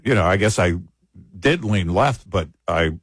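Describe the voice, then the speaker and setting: A man's voice: low voice, animated, no room sound. A man co-hosting a talk radio show in casual political chat, chiming in often and restarting his sentences. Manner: frequent agreeing interjections, halting restarts.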